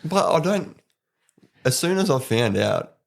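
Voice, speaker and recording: Fairly high in pitch and unhurried, with vocal fry, this young man's Australian-accented voice carries a laid-back podcast conversation. He's a guest who works as an apprentice electrician, and he laughs while relating his stories.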